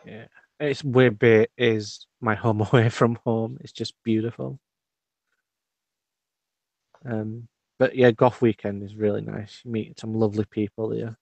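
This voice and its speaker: Soft-spoken man on a dry call. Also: fairly low pitch, little pitch movement, measured pace, vocal fry, pauses often, dry recording. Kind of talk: casual video-call chat.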